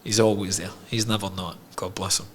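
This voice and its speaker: A man's voice: low-pitched, fairly even intonation, brisk, a bit bright, a little hiss or hum. A man, a podcast guest telling his own story candidly, frank and emotional, swearing freely.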